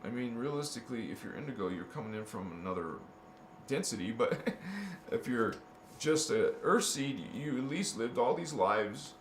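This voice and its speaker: A spiritual vlogger with a mid-range, animated voice talks at a moderate pace, rambling casually to the camera. He often restarts and repeats words as he meanders along for his viewers. The room is echoey, with faint background noise.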